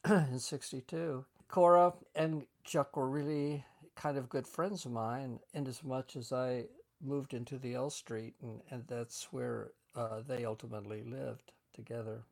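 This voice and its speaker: This is an older man sitting for an oral history interview. He talks in a loose, chatty way and laughs often as he tells his stories. His voice sits at a middling pitch for a man. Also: vocal fry, darkish tone. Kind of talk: reminiscing storytelling.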